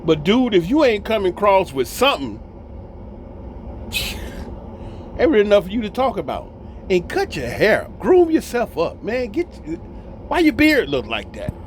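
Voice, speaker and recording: Animated preachy man with a lively pitch. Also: a little slow, long pauses, a little hiss or hum. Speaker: commentator. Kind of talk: casual talking to camera.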